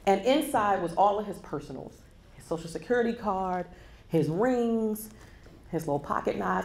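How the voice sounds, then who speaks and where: A woman in her forties giving a motivational keynote speech, telling a personal story and speaking straight to the audience. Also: mid-range voice. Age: 40s. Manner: animated storytelling, addresses the audience directly. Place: conference hall before a live audience. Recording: echoey hall with faint background noise.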